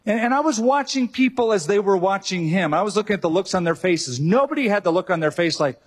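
Male pastor, husky and slightly high, animated sermon delivery. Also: brisk, hardly any pauses. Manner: animated preacher, joking asides and acted-out quotes.

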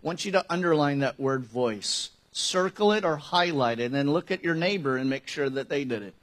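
High-voiced man preaching a sermon. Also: lively intonation, fairly quick, fairly bright tone. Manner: conversational, emphatic preaching with rhetorical questions. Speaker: pastor.

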